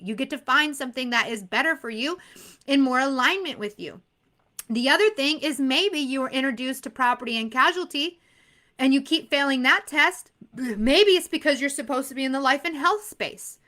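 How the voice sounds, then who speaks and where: A woman exam prep instructor giving an energetic, emphatic motivational talk to her students. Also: high voice. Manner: energetic and emphatic, laughs often.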